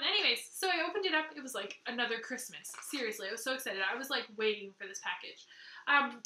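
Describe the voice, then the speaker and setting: A woman from Canada hosting a knitting video podcast, chatting excitedly to camera and gushing over gifts she received. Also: sits high, roomy sound. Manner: excitable, gushing, laughs often. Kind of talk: casual chat to camera.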